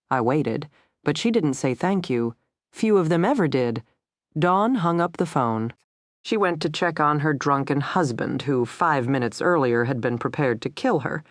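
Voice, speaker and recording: A narrator reading a crime thriller aloud in first person, tense and steady. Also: mid-range voice, unhurried, no echo, clean studio sound.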